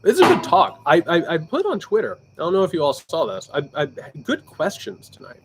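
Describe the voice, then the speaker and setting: Animated man with a Southern Indiana accent. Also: a little high, brisk, music in the background. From Indiana, United States. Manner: loose and candid, sipping bourbon, reading viewer questions; animated, with frequent restarts. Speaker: political commentator livestream host. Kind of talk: casual livestream talk.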